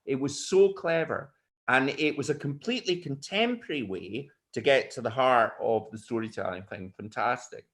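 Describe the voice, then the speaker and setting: An older Scottish man telling stories and anecdotes as an interview guest, lively and expressive. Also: mid-range voice, normal speed. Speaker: storyteller guest. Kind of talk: animated anecdotal storytelling.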